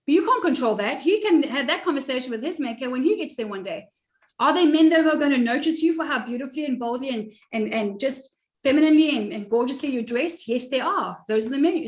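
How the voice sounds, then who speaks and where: A middle-aged woman coaching a live online group on style and confidence, talking boldly and directly, teasing her listeners and laughing often. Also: high voice. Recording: echoey room.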